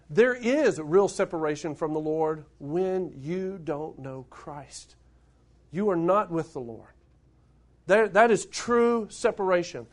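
A middle-aged man, preaching a sermon to his congregation, building up to emphatic points and putting questions to them. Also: fairly high pitch. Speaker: pastor.

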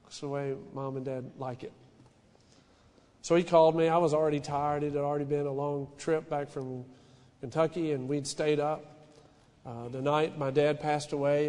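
High-voiced pastor preaching in a reverberant hall. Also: male voice, mellow. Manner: earnest, personal, with frequent restarts and rising emphasis. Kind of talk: sermon.

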